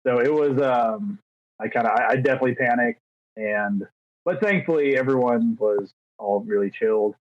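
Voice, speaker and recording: A man's voice: medium pitch, moderate pace. A thirty-year-old man co-hosting a podcast, chatting casually in a rambling, self-deprecating way and acting out little exchanges. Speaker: podcast co-host. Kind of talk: casual chat. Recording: dull, dry lo-fi sound.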